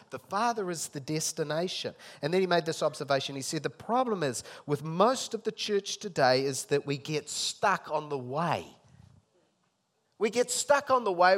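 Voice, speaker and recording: Emphatic male preacher, loud to soft. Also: a little high. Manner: acts out dialogue, swings between loud emphatic and soft intimate. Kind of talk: sermon.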